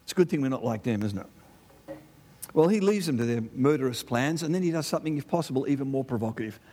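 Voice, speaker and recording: Speaking fast in a mid-range voice, a middle-aged Australian man gives an animated, conversational sermon, peppering the congregation with rhetorical questions and asides.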